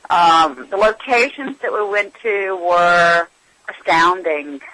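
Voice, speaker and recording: Bright-voiced woman thinking back on old film shoots, pauses, trails off a lot. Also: on the low side, dry recording, low-quality recording. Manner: trails off, searching for memories. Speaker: actress interviewed about her films. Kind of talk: casual interview reminiscing.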